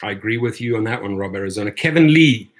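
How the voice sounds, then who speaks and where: A man's voice: fairly low pitch, animated, fast talker. A man from Washington, D.C. hosting a live stream, speaking emphatically, tagging "right?" onto his points and calling viewers "my friends". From Washington, D.C., USA. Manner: emphatic, keeps adding "right?". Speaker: rideshare channel host. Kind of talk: live stream commentary, reading chat.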